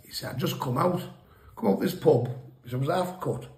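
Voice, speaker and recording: A man's voice: on the high side, fairly quick, a little mellow, echoey room. A man casually telling a crude, rambling pub story, often laughing at his own tale. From England.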